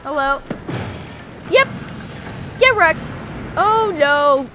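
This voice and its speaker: Excitable woman let's player, very high voice, slow and bright. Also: soft background music. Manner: excitable, squealing reactions. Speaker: gamer playing a video game. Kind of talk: let's play commentary.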